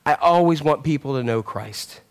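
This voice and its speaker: High-voiced, chatty male preacher. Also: normal speed, smooth. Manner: conversational, rambling with fillers and restarts; animated storytelling. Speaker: pastor. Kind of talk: sermon.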